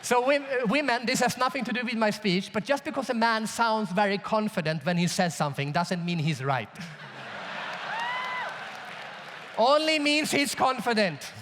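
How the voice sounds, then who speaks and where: A man with a high voice and measured pace gives a conference keynote, animatedly telling a jokey story and addressing the audience directly. A faint crowd and a little hiss or hum can be heard, along with large hall reverb.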